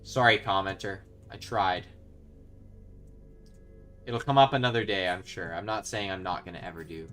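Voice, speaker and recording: Excitable young man doing game commentary. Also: sits low, moderate pace, pauses often, faint music behind. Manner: excitable, shouts when thrilled, then mutters quietly. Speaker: gaming video host. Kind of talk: casual let's-play commentary.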